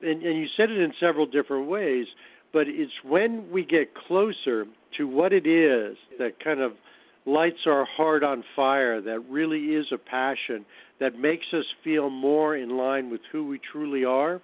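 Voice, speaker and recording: A man's voice: on the high side, measured pace, no echo. A man hosting a radio interview, reflectively summing up the guest's points for listeners. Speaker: radio host. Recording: dry tinny phone line.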